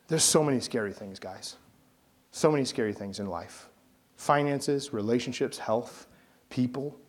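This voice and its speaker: A man's voice: mid-range voice, a little mellow. A man preaching a sermon, telling a story with acted-out quotes and sound effects. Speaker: pastor.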